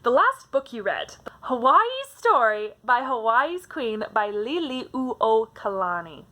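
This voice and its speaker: A woman talks in a high-ish, bright-eyed register. She chats fast and excitedly about books, tripping over and restarting her sentences. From Canada. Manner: hyper and bubbly, chatty with frequent restarts. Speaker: book vlogger. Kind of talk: casual book tag vlog.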